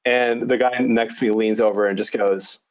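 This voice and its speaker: A young man co-hosting a podcast, telling stories about ministry in casual, animated chat. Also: lowish voice, moderate pace. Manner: storytelling, animated. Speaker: podcast co-host, youth minister.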